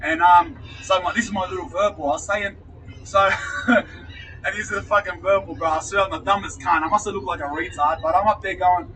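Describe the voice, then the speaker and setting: A man's voice: high-pitched, steady tone, fairly quick, pushed and bright, distant mic, slight background noise, low-quality recording. Slangy Australian man telling a story. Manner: rambling, slangy, swearing, laughs at himself. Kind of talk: casual storytelling.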